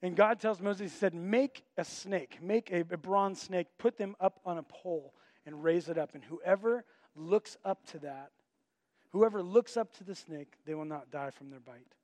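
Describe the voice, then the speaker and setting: Speaking at normal speed in a high voice, with no echo, a pastor works a story into his sermon. He brings it to life by animatedly impersonating the people he quotes.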